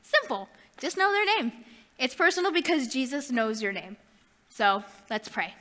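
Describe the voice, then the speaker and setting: A young woman delivering a youth sermon in a high, bright voice. She drifts into chatty, self-deprecating asides. Her words echo with a long reverb, as in a large hall. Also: very animated, normal speed. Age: young adult. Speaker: youth ministry speaker.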